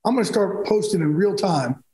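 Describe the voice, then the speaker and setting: A man's voice: sits high, animated, moderate pace, warm tone, roomy sound, low-quality recording. A man telling personal stories as a podcast guest, emphatic and rambling, restarting sentences often. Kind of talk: candid storytelling in a podcast interview.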